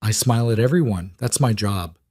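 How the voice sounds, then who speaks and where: Guy doing a sharp-tongued young woman, bitter and defiant, lifts his voice up a bit, dry close sound. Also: fairly low pitch, a little fast, dry recording, lightly acted. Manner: cutting, bitter retorts.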